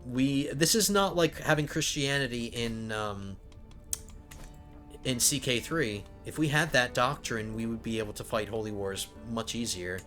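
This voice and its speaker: A man's voice: medium pitch, measured pace, a bit bright, faint music behind. A man hosting a strategy game let's play, thinking aloud and often stumbling over his words. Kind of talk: casual gameplay commentary.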